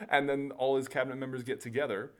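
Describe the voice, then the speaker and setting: A man co-hosting a casual podcast chat, rambling and laughing through movie anecdotes with lots of fillers. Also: mid-range voice. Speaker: podcast co-host.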